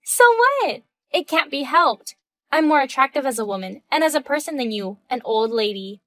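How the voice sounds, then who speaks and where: A woman's voice: high voice, animated, brisk, sharp tone, no echo. A woman voicing a mocking, condescending young woman student in a scripted text-message story. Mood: haughty. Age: 20s. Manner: taunting, condescending.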